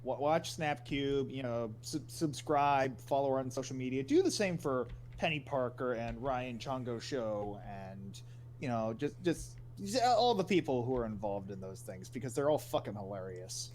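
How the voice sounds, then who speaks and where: Jokey co-host laughing and swearing on stream, mid pitch, faint hum behind. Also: expressive, moderate pace, darkish tone. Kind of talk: casual chat on stream.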